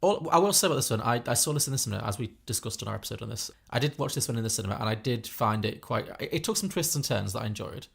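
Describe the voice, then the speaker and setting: A British man on a podcast talks through films quickly and with strong opinions, restarting his sentences often. His voice is strongly gravelly and somewhat husky, while his pitch stays mid-range. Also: animated. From Britain. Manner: chatty, opinionated, many restarts. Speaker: podcast co-host. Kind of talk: casual film review chat.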